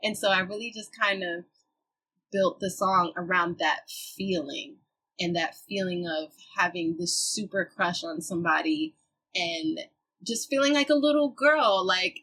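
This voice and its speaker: Husky, bright-voiced young woman chatting. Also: on the low side, unhurried, low-quality recording. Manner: laid-back, slangy, laughs often. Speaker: musician guest. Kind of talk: casual chat.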